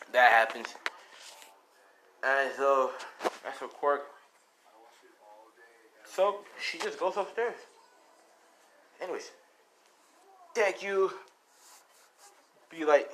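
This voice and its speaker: A man's voice: a little high, animated, drawn-out words, long pauses, background noise. A man casually telling a fan story, rambling, with lots of fillers and swearing.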